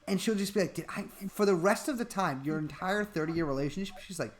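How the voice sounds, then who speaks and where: A man's voice: high voice, fast talker, slight background noise. Guy on a stream just rambling some ridiculous advice bit, dead serious about it. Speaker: podcast co-host. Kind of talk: comedic live-stream chat.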